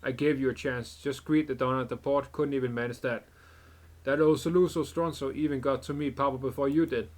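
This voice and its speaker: A man reading out a cold, ruthless male mafia boss from a game's story, calm, clipped and dismissive. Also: medium pitch, fairly quick, lightly acted.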